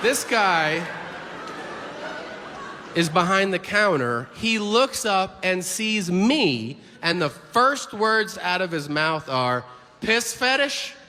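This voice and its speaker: Male stand-up comic, lively pitch swings, big reverberant hall with a noisy crowd behind him. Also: slow. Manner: animated, acts out characters in quotes. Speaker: stand-up comedian. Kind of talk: stand-up storytelling. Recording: reverberant hall with audience noise. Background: audience laughter.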